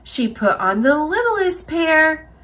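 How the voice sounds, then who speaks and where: Slow, expressive woman storybook reader. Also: high voice. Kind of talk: children's picture-book read-aloud.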